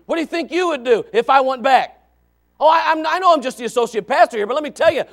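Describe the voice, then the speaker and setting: High-voiced preacher, shouting then soft. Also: male voice, big pitch swings, a little fast, gravelly. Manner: swings from quiet asides to loud shouted exhortation; folksy, joking, with sudden dramatic emphasis. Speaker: associate pastor. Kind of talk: sermon.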